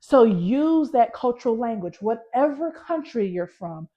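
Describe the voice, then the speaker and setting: A Southern American woman in her thirties coaches public speaking with a slightly high, emphatic voice. She teaches with folksy energy, hammering her key points through repetition. The recording is dull and lo-fi. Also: animated, unhurried. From Southern United States. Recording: muffled, lo-fi recording.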